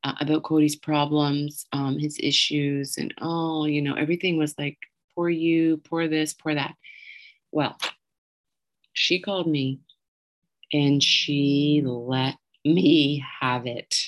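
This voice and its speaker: A woman's voice: low-pitched, little pitch movement, takes it slowly. A middle-aged woman telling a candid, emotional personal story and swearing freely as she goes.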